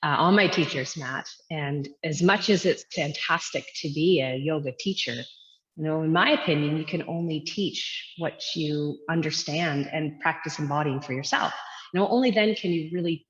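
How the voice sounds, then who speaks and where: A woman's voice: deep voice, moderate pace, fairly bright tone. A woman in her thirties, a yoga teacher, talking earnestly and reflectively in an interview from her studio, with many fillers. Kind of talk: casual interview talk. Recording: dull lo-fi sound with long echoey reverb.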